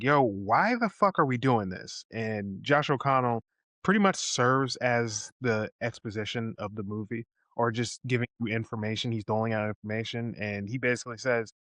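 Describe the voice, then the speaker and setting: Recorded dry and close with no room sound, a male co-host of a film review podcast relates scenes with energy. His pitch is middling, he acts out quoted dialogue, and he swears freely in a casual way.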